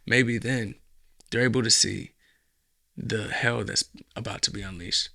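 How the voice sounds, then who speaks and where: A man's voice: on the low side, a little slow, creaky, sharp tone. A man hosting a solo podcast, ranting in a profane, mocking commentary monologue. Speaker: podcast host.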